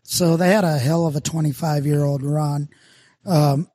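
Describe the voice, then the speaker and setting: A man's voice: a little high, steady tone, normal speed, mellow, no room sound, clean studio sound. A middle-aged man from Minnesota, a brewer guest chatting casually and telling rambling, self-deprecating stories with lots of fillers. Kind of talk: casual podcast chat.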